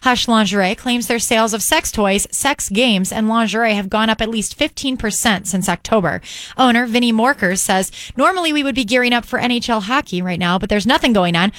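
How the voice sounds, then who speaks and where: A woman's voice: on the high side, a little fast, a bit bright, dry recording. A woman co-hosting a morning radio show, reading a news item and trading dry quips. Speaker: radio co-host.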